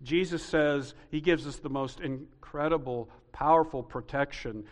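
A male pastor preaching a sermon emphatically, building to repeated rising peaks. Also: mid-range voice. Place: church sanctuary. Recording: reverberant hall.

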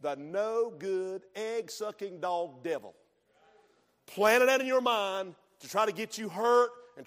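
A middle-aged man preaching a sermon as pastor, dropping to hushed storytelling and rising to shouted exhortation. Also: a little high. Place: church sanctuary. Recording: long reverb of a church hall.

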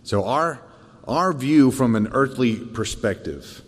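A man teaching a church Bible lesson in a thoughtful way, often pausing on fillers and restarting. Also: lowish voice, in a large hall. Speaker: Sunday school teacher.

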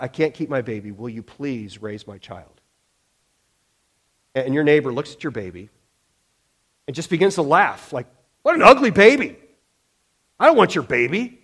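A man's voice: mid-range voice, a bit bright. A man preaching a sermon, speaking emphatically with frequent restarts and acting out quotes. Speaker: pastor.

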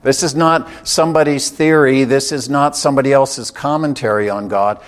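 Man preaching a measured sermon. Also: medium pitch, steady tone. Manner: measured, emphatic, slows on key phrases.

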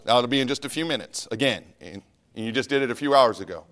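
A middle-aged man preaching a sermon in church. He talks animated, mimicking voices and dropping into quiet asides. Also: mid-range voice, fast talker. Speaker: pastor. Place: church sanctuary.

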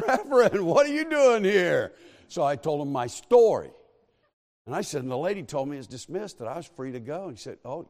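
A higher-pitched man preaches in a long-ringing church hall. His voice swings widely in pitch as he tells a story and builds to fervent exhortation. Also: darkish tone. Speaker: pastor. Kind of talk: sermon. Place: church sanctuary.

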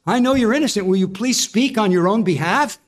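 A desperate Roman governor, as a preacher acts him out, pleading in a high, strained voice. He pushes each appeal harder, lively and urgent, never calm. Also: fairly quick.

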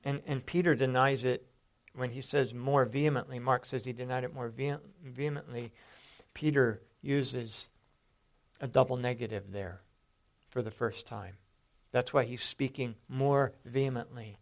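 A man preaching with a gravelly, creaky edge to his voice. He talks earnestly and conversationally, often stopping to restart a phrase before pressing his point. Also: mid-range voice, steady tone, measured pace. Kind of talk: sermon.

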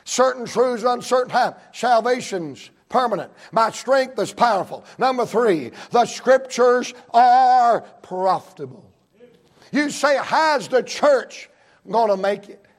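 A man preaching a fervent sermon at a church service, with emphatic, repetitive cadences and bursts of shouting. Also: very high voice, lively intonation, slow.

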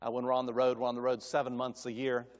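A man's voice: medium pitch, completely flat delivery, quick pace. A middle-aged man preaching as a guest speaker, telling folksy family stories that build into emphatic preaching. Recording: long hall reverb.

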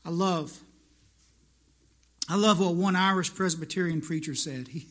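A man preaching to his congregation in a church, with a high-pitched voice. His tone is bright and ringing. He talks like he is chatting with friends, then presses his point with emphatic, repeated phrases. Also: measured pace, long pauses. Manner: conversational preaching, rising to emphatic repetition. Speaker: pastor. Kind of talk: sermon.

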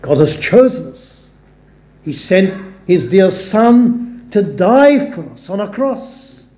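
A man's voice: high-pitched, sing-song, takes it slowly, dark tone. A man preaching a sermon in a chapel, speaking earnestly and giving weight to the scripture he quotes. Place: church or chapel. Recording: echoey church room.

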